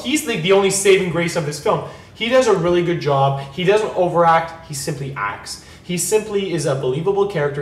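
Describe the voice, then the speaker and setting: A man with a notably high voice, a few drinks in, gives a rambling movie review laced with profanity. He talks emphatically and loosely. The recording has a roomy echo. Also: fairly bright tone. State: tipsy. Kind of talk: casual drunken movie review chat.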